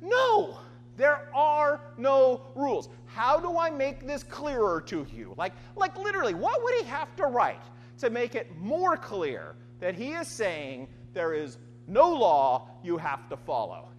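A woman's voice: a little high, huge pitch swings, a little slow. A woman preacher delivering a sermon in an emphatic way, often asking her listeners "right?". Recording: long hall reverb, faint hum.

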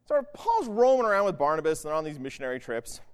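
A man's voice: on the high side, big pitch swings, quick pace, smooth. A man preaching a sermon in a casual, conversational way, often checking in with "right?". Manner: conversational, keeps asking "right?". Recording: long hall reverb.

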